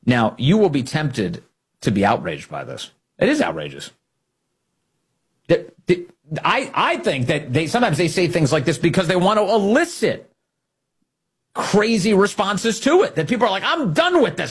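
A man's voice: high-pitched, sing-song, normal speed, breathy edge. A man hosting a political commentary show, speaking emphatically and indignantly and repeating key phrases.

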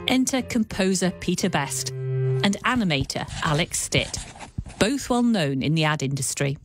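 A woman presenting a radio documentary in brisk, lightly playful scripted narration, sometimes asking her guest questions. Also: fairly low pitch, expressive, soft background music.

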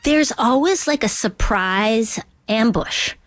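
A woman comedian from Duluth in an interview, talking in a halting way with many restarts and asides. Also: on the high side, animated, no echo. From Duluth, Minnesota. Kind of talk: interview conversation.

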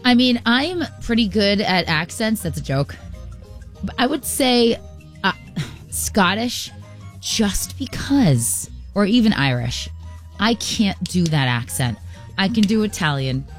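A woman's voice: medium pitch, big pitch swings, slow pace, soft background music. A woman co-hosting a radio morning show, joking playfully with her co-host.

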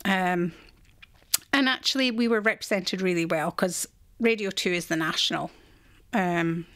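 A woman's voice: on the low side, a little slow, a bit bright. A middle-aged Scottish woman presenting a radio show, chatting casually and laughing as she tells a story. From Scotland.

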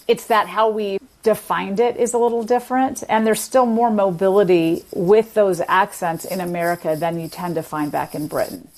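Woman linguist guest, measured academic explainer, even mid pitch. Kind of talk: explanatory interview talk.

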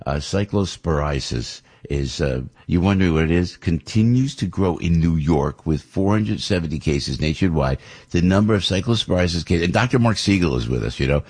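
An American man hosting a talk radio show, rambling and opinionated, his voice jumping high when he gets worked up. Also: expressive, normal speed, a little mellow, slightly rough.

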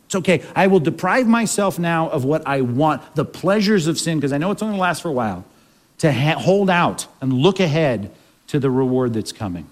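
A man's voice: a little high, sing-song, fairly quick. A male pastor preaching a sermon in a conversational way, full of rhetorical questions.

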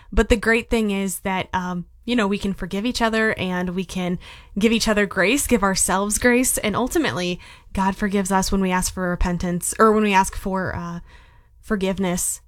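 A young woman hosting a Christian radio show, telling a personal story in a casual, animated way that turns gently devotional. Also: fairly high pitch, dry recording, clean studio sound. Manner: animated storytelling, quoting others in a raised voice. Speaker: radio host.

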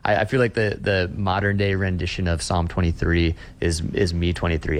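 Deep-voiced pastor, earnest and easygoing. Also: male voice, level tone, normal speed, a little hiss or hum. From Austin, Texas. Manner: earnest, often repeats words as he restarts. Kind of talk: casual interview talk.

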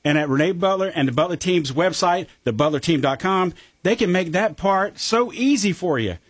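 A man's voice: high-pitched, animated, moderate pace, husky, no room sound. A man co-hosting a radio show, reading an upbeat ad. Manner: laughs often, upbeat ad delivery. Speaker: radio co-host. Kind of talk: casual radio chat and ad reading.

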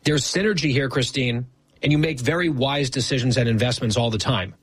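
Male co-host, husky tone, dry sarcastic banter, close and dead-sounding room. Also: mid-range voice, brisk, no echo. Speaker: podcast co-host. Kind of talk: casual banter.

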